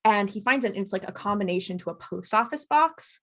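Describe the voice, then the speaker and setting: A woman co-hosting a podcast, retelling a TV episode in casual chat and acting out the characters' lines with animated energy. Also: medium pitch, fast talker. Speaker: podcast co-host.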